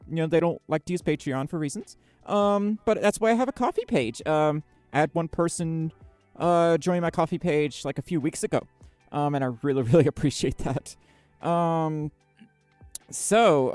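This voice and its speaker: A woman's voice: low-pitched, a little mellow, dry recording. A woman chatting casually on a livestream, bubbly and giggly, reading chat messages aloud with lots of fillers. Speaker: streamer.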